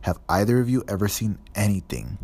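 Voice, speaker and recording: A man's voice: very animated, brisk, a little mellow. A man voicing a timid, nervous teenage boy who speaks unhappily in a storybook reading. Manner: unhappy, squeaky.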